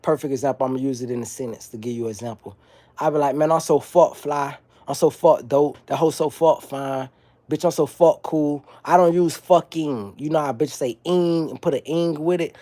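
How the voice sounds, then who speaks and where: A man's voice: a little high, darkish tone. Rambling, profane man on a phone livestream. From South Florida. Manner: loose, profane, digressive street talk. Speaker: livestream host. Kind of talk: rambling casual livestream storytelling.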